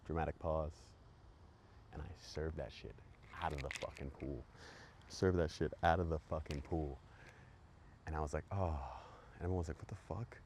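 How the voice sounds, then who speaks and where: A man's voice: a bass voice, darkish tone, a little hiss or hum. A man hosting a podcast, telling a profane, hyped story full of repetitions. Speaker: podcast host. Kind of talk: storytelling monologue.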